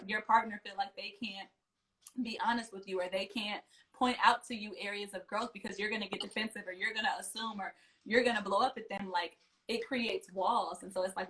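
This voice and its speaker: A woman's voice: mid-range voice, fairly bright tone, rough recording. A young woman hosting a casual interview, chatty and reflective, often saying "you know" and "like". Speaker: podcast host.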